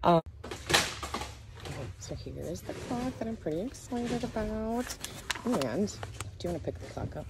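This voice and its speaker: A middle-aged woman talks casually into a handheld phone, full of fillers and little laughs. Her pitch swings widely. Clear background noise sits under the whole phone video. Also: animated, measured pace, long pauses. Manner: chatty, giggly, with many fillers. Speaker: vlogger showing reseller finds. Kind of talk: casual chat. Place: car and stores, on the go.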